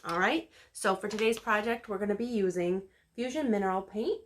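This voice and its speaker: A woman's voice: mid-range voice, a little fast. A woman hosting her own DIY channel, talking viewers through a craft project step by step in a casual, friendly way. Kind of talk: casual how-to narration.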